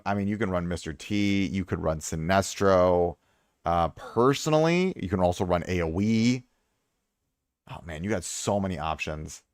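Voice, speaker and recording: A young adult man with a lowish voice rambles casually through a live stream, giving game advice. He repeats points for emphasis. The sound is dry and close, with no room around it. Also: smooth, no room sound. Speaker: streamer reviewing viewers' game accounts.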